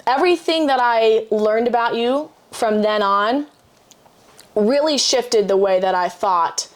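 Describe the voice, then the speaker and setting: A woman's voice: fairly high pitch, unhurried. A young woman hosting a podcast, talking earnestly and sincerely as she asks her guest personal questions. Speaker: podcast host. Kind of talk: conversational interview.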